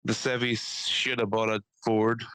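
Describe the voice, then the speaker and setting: A young man from the Philadelphia area, speaking with that regional American accent, co-hosts a podcast and chats casually at a slightly slow pace. His tone is clean on a dry, rough recording, and he's animated, swears freely, and often mimics people in high voices.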